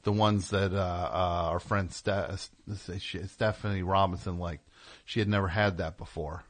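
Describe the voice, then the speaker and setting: A man's voice: low voice, steady tone, a little slow. A man hosting a call-in radio show, talking in a sardonic, rambling, mock-indignant way. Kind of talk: casual call-in radio talk.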